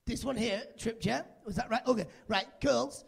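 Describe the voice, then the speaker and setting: A man's voice: very high voice, normal speed, gravelly, husky. A man doing live stand-up on a club stage, teasing the crowd in chatty, playful banter into a handheld mic. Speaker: stand-up comedian.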